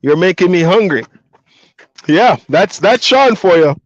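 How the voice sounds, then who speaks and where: Jamaican man, Patois native, high-pitched, relaxed livestream chatter answering comments; dry, muffled audio. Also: measured pace, no echo. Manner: reads viewer comments aloud and chats back, easygoing, laughs often. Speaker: truck driver streamer. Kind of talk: casual livestream chat. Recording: dull lo-fi dry sound.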